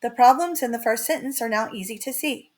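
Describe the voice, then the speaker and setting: A woman teaching a writing lesson in a slow, carefully read-out, scripted delivery. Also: on the high side, darkish tone.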